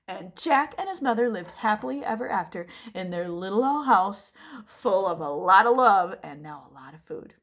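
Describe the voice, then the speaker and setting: Animated woman storyteller, higher voice. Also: normal speed. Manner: animated, prompting listeners to act along. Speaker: children's storyteller. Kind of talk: interactive storytime narration.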